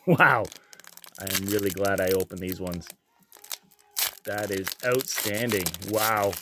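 A man opening trading card packs on his channel, reading out each card and getting loudly excited and swearing at the big pulls. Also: fairly low pitch. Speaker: card breaker. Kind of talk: casual card-opening vlog.

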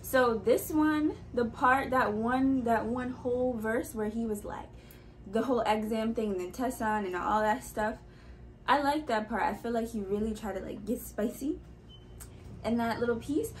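A woman with a fairly high voice gives a casual music reaction, talking loosely and thinking out loud. She rambles, drifts into asides and circles back to her point. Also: normal speed, a little hiss or hum, rough recording. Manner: chatty, rambling, thinks aloud with many asides.

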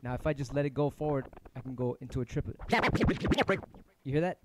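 A man's voice: mid-range voice, steady tone, fast talker. A middle-aged man teaching turntable scratching in a casual livestream lesson, rambling loosely and swearing offhand. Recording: music playing underneath. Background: turntable music.

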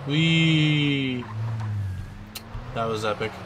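A man hosting a let's play, giving casual gameplay commentary and breaking into excitable, swearing, panicked outbursts. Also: medium pitch, extremely slow, noisy background.

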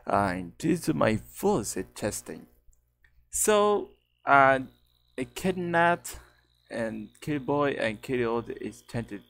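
A man talks casually on his own vlog, halting and restarting his phrases. He speaks slowly, and his pitch moves up and down in a lively way. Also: vocal fry. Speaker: channel host. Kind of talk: casual vlog chat about his characters.

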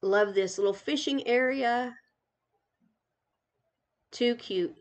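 A woman's voice: on the high side, slow pace. Gushing grandmother touring a game island. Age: older. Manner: gushing, chatty, giggly. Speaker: gaming channel host. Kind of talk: casual live game tour commentary.

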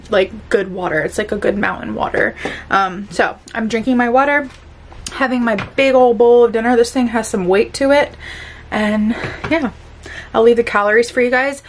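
A woman's voice: a little high, slight background noise. A young woman narrating a casual cooking vlog from her home kitchen, chatty and upbeat and laughing often. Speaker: food vlogger.

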